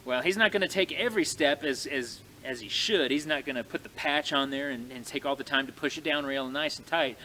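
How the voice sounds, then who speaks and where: A man telling a frontier tale in a folksy, animated way, speaking to his audience outdoors in snowy woods. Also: medium pitch, brisk, few pauses, a little hiss or hum. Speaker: living history storyteller. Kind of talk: folksy oral storytelling.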